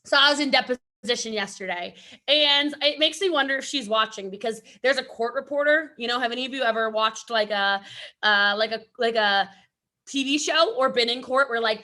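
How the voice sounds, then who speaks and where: A woman giving an energetic motivational talk at an event, chatty and rambling, often breaking off to laugh. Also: a little high, moderate pace. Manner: chatty, rambling, self-interrupting, laughs a lot. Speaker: event speaker.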